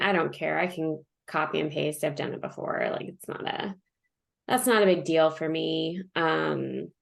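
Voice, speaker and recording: A woman's voice: low-pitched, vocal fry. A woman being coached on a call, hesitant and unsure, trailing off. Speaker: coaching client.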